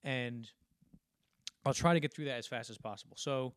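A man on a podcast walking through film scenes at length, rambling and slipping into quick impressions of the characters. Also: mid-range voice, no echo, clean studio sound. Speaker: podcast co-host. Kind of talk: casual film discussion.

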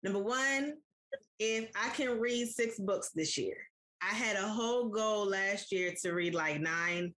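A woman's voice: mid-range voice, a little slow, a bit bright. Woman, podcast co-host, chatty, casual, talks to listeners. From United States. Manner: chatty, addresses listeners directly. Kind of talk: casual chat.

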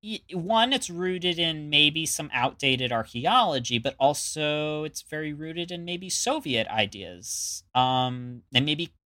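Bright-voiced man rambling through a history chat. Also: fairly high pitch, expressive, slow, few pauses. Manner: rambling with many fillers and restarts. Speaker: podcast co-host. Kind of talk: casual chat.

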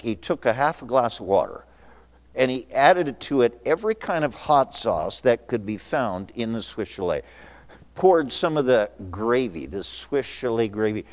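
A man preaching a sermon as pastor, telling a folksy story and then reading scripture aloud. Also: medium pitch. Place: church sanctuary. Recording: church hall reverb.

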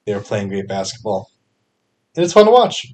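Chatty man with a lowish voice. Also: moderate pace, slight background noise. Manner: chatty, energetic bursts, frequent fillers. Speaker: fantasy sports podcast host. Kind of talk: casual solo podcast picks.

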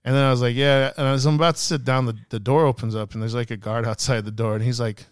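Young man, casual storyteller, smooth clear voice, dry close sound, acts out quotes. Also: mid-range voice, quick pace, no room sound. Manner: animated storyteller acting out quotes. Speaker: podcast guest.

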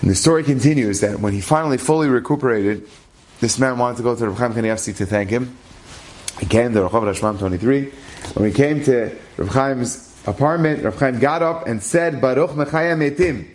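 A man telling a religious story aloud, acting out what the people in it say and lifting his voice at the tense turns. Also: brisk. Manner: animated, rises in pitch at dramatic moments; acts out characters' lines in his own voice.

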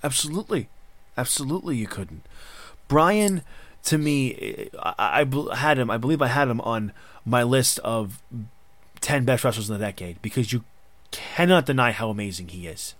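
Excitable man hosting a dry-sounding podcast. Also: medium pitch, moderate pace, dry recording. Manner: excitable, talks in long run-on bursts with restarts. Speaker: podcast host. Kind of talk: casual wrestling chat.

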